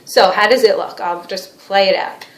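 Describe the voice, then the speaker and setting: A woman therapy trainer guiding a demonstration session, explaining her steps and gently validating the people she questions. The voice sits in an echoey room, mid-pitched and steady. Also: moderate pace. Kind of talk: teaching demonstration with role-play.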